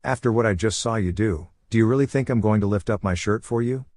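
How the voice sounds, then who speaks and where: A man voicing a sharp-tongued teenage ninja girl who talks in a snappish, sarcastic way. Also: on the low side, fast, no echo, clean studio sound, close to an everyday voice. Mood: irritated.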